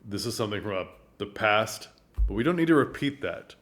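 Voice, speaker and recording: Man, lowish voice, theater commentary, earnest, animated storytelling. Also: brisk. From United States. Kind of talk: casual commentary.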